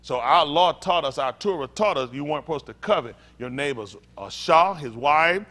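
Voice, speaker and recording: A man's voice: fairly high pitch, lively intonation, normal speed, fairly bright tone. A man preaching as a pastor in a blunt, profane, rambling informal sermon.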